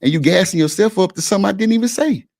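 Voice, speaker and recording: A man's voice: high voice, very fast, gravelly, a little mellow. A man hosting a live-stream panel, arguing his point in a blunt, profane, insistent way. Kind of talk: heated casual argument.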